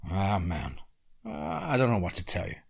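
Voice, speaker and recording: A man's voice: sits low, very animated, moderate pace, vocal fry, fairly bright tone, husky, heavily acted. A man doing a hesitant country-accented young rancher. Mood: evasive. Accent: American country. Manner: hesitant, fumbling for words. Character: young male rancher, evasive and uneasy.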